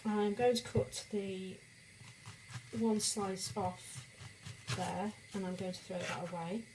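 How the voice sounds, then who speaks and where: Rambling woman cooking over loud sizzling. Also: medium pitch, fairly even intonation, slow pace, background noise. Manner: rambling, self-deprecating, many fillers and restarts. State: sniffing, eyes watering from onion. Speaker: home cooking vlogger. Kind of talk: casual cooking demonstration. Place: home kitchen.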